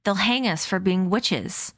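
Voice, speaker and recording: A woman's voice: medium pitch, measured pace, a bit bright, dry recording, clean studio sound. A woman voicing a sour, impatient boy in a read-aloud story, curt and sarcastic. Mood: irritable.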